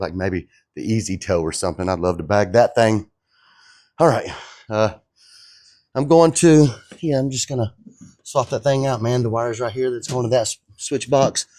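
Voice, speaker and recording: A young man chatting casually in his shop vlog, laid-back and excited, tossing in "dude" and "man". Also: lowish voice, no echo, clean studio sound. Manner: laid-back and enthusiastic, drawling, calls viewers dude and man. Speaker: custom truck builder and vlogger.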